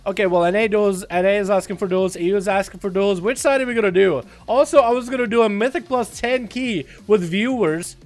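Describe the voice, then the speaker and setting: A man streaming a game, chatting casually to his viewers, profane and excitable with sudden loud outbursts. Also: sits high, brisk, few pauses, soft background music. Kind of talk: casual livestream commentary.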